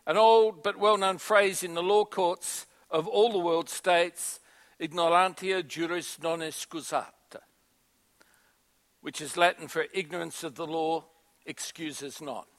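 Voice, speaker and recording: Male pastor, higher voice, storytelling sermon with emphatic call-and-response. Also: unhurried, a bit bright.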